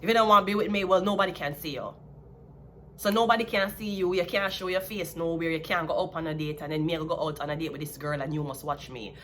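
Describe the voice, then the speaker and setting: A woman's voice: lowish voice, fast, a bit bright, a little hiss or hum. A woman with a Jamaican accent giving a blunt, sassy, casual tarot reading. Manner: blunt, sassy, laughs at her own jabs. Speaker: tarot reader.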